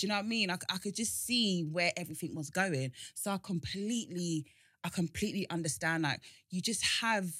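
A woman's voice: lowish voice, brisk, fairly bright tone, no room sound, clean studio sound. A woman, frankly telling a personal story and reassuring a friend in a casual chat. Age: 30s.

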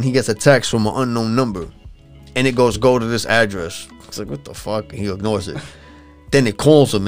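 Young man, casual profane storyteller, mid pitch, faint background music. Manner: loose, profane storytelling full of fillers. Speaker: friend retelling a show. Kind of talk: casual chat.

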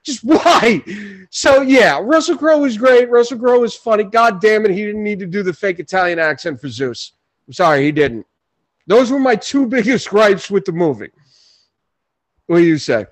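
A man's voice: sits high, expressive, moderate pace, no echo. A man co-hosting a sports and pop-culture podcast, ranting emphatically and repeating his complaints in casual chat. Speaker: podcast co-host.

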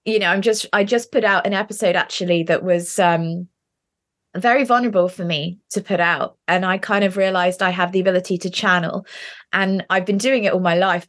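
A woman's voice: medium pitch, a bit bright. A woman host with a mid-range voice chats casually with her guest. She sounds enthusiastic and responsive, and often repeats words as she speaks. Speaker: podcast host. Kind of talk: casual podcast chat.

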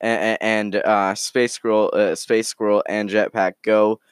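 A man hosting a podcast, chatting casually and telling an improvised story in a rambling, joking, halting way. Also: on the low side, little pitch movement, clean tone, no room sound, studio quality. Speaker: podcast host.

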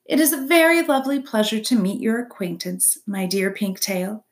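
A woman's voice: medium pitch, moderate pace, close to an everyday voice. A woman voicing a polite, literal female robot who speaks stiffly and formally, in a storybook reading.

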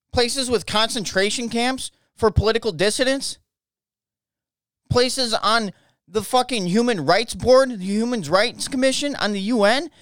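A man's voice: sits high, fairly bright tone, no echo, clean studio sound. An American man hosting a podcast, ranting angrily with lots of swearing and stumbling restarts. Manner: angry, profane, repeats himself. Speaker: podcast host. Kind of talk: ranting political podcast monologue.

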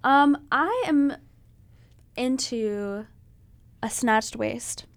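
A woman guest in a casual podcast chat, playful and quick to joke, but hesitant with fillers when asked about herself. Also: fairly high pitch, smooth.

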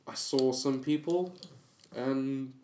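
A man's voice: mid-range voice, slow pace, darkish tone. Laid-back young man, echoey room. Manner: loose, swearing, laughing a lot. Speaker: podcast co-host. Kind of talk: casual chat.

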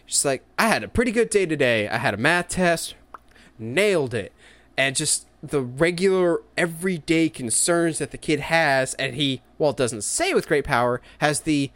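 A man in casual chat as a podcast co-host, enthusiastic and quick to act out excited quotes. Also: on the high side, no room sound.

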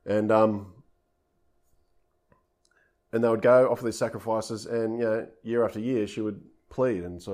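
A male preacher with a slightly low voice gives a relaxed, conversational sermon. He retells the scripture passage informally, in plain everyday speech, as if chatting with his congregation. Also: a little slow, long pauses.

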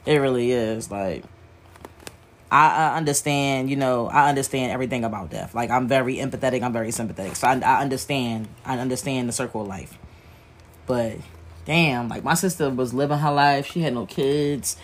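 A woman's voice: very deep voice, brisk, slight background noise. Woman grieving, talking straight to camera while she sews, rambly and blunt, cusses a lot. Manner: frank, rambling, emotional, swears freely. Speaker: wig maker working while talking. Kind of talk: candid talk to camera while working.

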